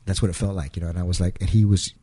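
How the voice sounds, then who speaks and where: A middle-aged man, interviewed as a guest, falters through an emotional personal story, repeating words and voicing the quotes dramatically. His voice sits low and mellow, steady in tone with a breathy edge.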